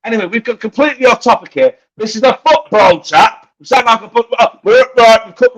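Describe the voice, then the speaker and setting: A man's voice: very high voice, fast. A man co-hosting a casual podcast, ranting and mocking with plenty of swearing. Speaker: co-host. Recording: dull lo-fi sound.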